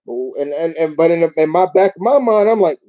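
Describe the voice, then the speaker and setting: A man from New York hosting a casual live Q&A, talking in a rambling, animated way with many restarts. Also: a little high, fairly quick, rough recording. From New York, United States. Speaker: YouTube show host.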